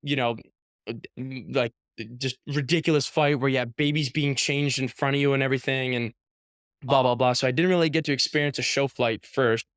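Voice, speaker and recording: Young male athlete guest, chatty and animated, smooth clear voice, dry close sound. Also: mid-range voice, no room sound. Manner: animated storyteller, heavy use of "like", acts out quotes. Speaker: professional baseball pitcher, guest. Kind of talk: casual storytelling interview.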